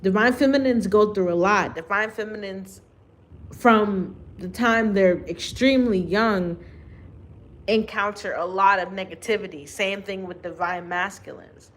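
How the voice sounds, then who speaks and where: Slow, deliberate woman giving spiritual talk. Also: mid-range voice. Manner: slow, deliberate, with long pauses and restarts. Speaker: spiritual reader and vlogger. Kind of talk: unscripted spiritual monologue to camera.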